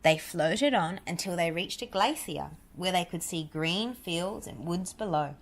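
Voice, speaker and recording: A woman reading a children's picture book aloud, with lively, chatty asides to a listening child. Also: lowish voice, unhurried. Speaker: storybook reader.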